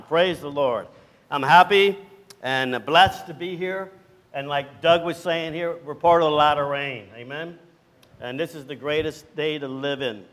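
Male guest preacher, high voice, fervent call-and-response camp meeting style. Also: fairly bright tone. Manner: fervent, repeats phrases, slows to stress each word. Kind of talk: revival sermon with call and response.

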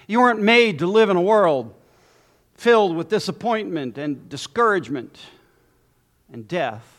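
A man preaching a sermon as pastor, emphatic with dramatic pauses and lists. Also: high voice, expressive.

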